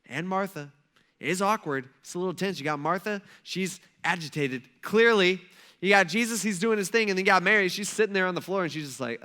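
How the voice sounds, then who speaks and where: Lively bright-voiced male pastor. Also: high-pitched. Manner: casual, animated storytelling with acted-out quotes. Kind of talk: conversational sermon.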